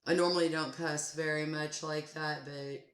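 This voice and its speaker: Blunt low-voiced woman, echoey room. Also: fairly even intonation, moderate pace, fairly bright tone. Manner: blunt, swears freely, heated. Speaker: music reaction host. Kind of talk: casual reaction commentary.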